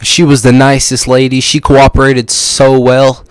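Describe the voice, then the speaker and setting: A man's voice: medium pitch, monotone, unhurried, clear, resonant tone, dry recording. A man hosting a podcast, telling a goofy story in a rambling way and restarting his sentences. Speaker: podcast host. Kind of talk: casual storytelling monologue.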